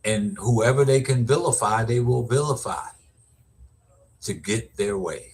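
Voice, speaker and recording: A man's voice: medium pitch, a little slow, darkish tone, breathy edge. A middle-aged man, an educator, giving casual, rambling commentary with lots of restarts and repeated words. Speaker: vlogger, educator.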